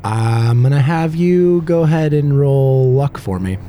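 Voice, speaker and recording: A man at a mid pitch runs a tabletop role-playing session as game master. His tone is warm and mellow, and his narration stays easygoing. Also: a little slow, faint music behind. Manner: relaxed, laughs easily.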